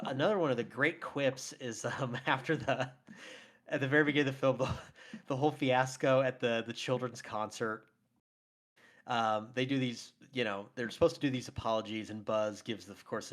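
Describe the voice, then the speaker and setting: A man's voice: medium pitch, fairly even intonation, brisk, fairly bright tone. A man co-hosting a film podcast, chatting enthusiastically with frequent laughs and fillers. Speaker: podcast co-host. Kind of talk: casual film debate chat.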